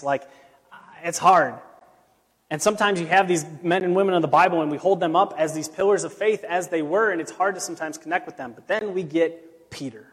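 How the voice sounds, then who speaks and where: A man, a pastor, preaching a sermon in a relaxed storytelling way with casual asides. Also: sits high, brisk. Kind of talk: conversational sermon. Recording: long reverb of a large hall.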